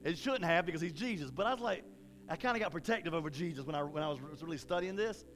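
A man preaching a sermon in a casual, folksy way, with animated bursts of emphasis. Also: on the high side, fast talker, a little hiss or hum.

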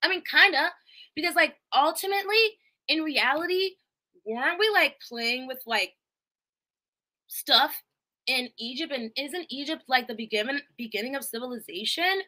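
A woman live-streaming a loose movie recap to her viewers. Her talk wanders and she swears freely, with animated, laughing asides. Her voice is bright and a touch high. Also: moderate pace. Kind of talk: casual movie recap chat.

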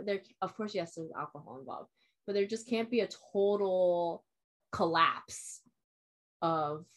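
A fairly low-pitched young woman tells a long personal story in casual chat, wandering as she goes, peppering it with "like," and quoting both herself and others.

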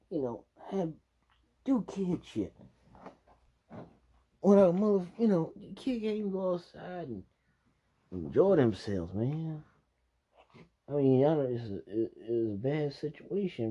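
Dark, husky man ranting angrily. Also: fairly high pitch. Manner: angry, swearing, ranting. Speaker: commentator reacting to news clips. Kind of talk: profane reaction commentary. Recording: dull lo-fi recording.

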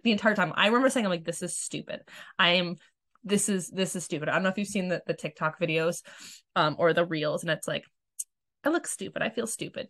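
A woman's voice: on the low side, a bit bright. A woman coach speaking casually and frankly about her own experience, swearing freely and acting out what she once said to herself. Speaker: self-love coach. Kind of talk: candid personal storytelling.

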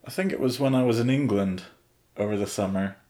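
A man in his twenties co-hosting a podcast, making dry, deadpan jokes and reading out listener questions. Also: lowish voice, fairly quick. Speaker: podcast co-host. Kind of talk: casual podcast banter.

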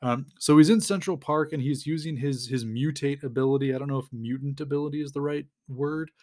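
An American man hosting a podcast, casually recapping a comic storyline with lots of fillers and quick little acted-out quotes. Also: medium pitch, a little mellow. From United States. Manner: rambling, lots of fillers, acts out quotes lightly. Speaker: podcast host.

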